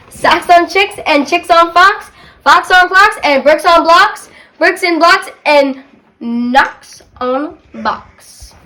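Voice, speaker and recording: Woman, guest reader, children's book read-aloud, very high pitch, slow and careful, playful. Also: a bit bright, rough recording. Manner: playful, joking about stumbling over tongue twisters.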